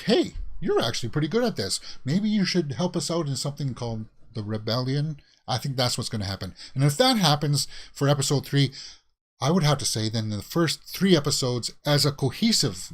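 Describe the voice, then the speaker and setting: A man's voice: medium pitch, fairly bright tone. A man hosting a reaction video, reviewing a show in a casual, rambling way, thinking aloud with many fillers.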